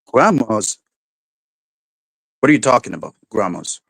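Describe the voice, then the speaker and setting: A man's voice: lowish voice, very animated, unhurried, gravelly, a bit bright, dry recording, rough recording. A man hosting his livestream in casual chat, irritated, swearing constantly and ranting in restarts. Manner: swears constantly, rants and restarts, raises voice when angry. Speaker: livestream host.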